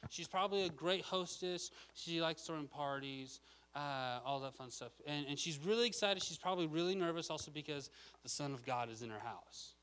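Casual male preacher, a bit high, bright tone, conversational. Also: normal speed, clear, resonant tone, low-quality recording. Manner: casual, chatty, lots of "okay?". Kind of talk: sermon.

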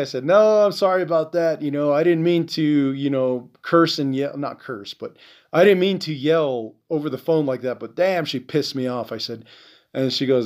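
A man in a middle range of pitch rants as the host of a podcast, swearing freely and filling the gaps with "you know." He talks in a casual, rambling way, and his voice sinks quietly at the end of his phrases. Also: moderate pace. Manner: angry, profane ranting full of "you know"; voice drops and trails off at ends of phrases. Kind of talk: casual monologue.

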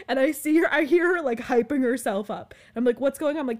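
A woman's voice: high voice, fairly quick. Chatty woman telling a story. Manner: animated, filler-heavy, frequent "like". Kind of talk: casual storytelling chat.

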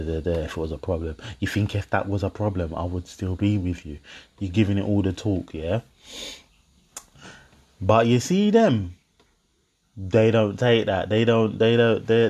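A man's voice: low-pitched, husky. A young man, talking casually to his viewers and telling a story with laughter, acting out both sides of an argument. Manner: animated storytelling, half-laughing, acts out both sides of a row.

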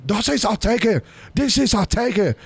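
A man mimicking a shrill yelling woman. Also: animated, moderate pace, husky, heavily acted. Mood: scolding. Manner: mocking, repetitive scolding. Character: shrill woman yelling about saved seats. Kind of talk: retelling a story with impressions.

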